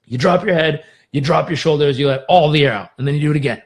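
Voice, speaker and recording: Upbeat guy doing a motivational live stream, kinda high voice, talks you through breathing. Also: fast talker, vocal fry, hardly any pauses. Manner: energetic, coaching, demonstrates breathing aloud. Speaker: host.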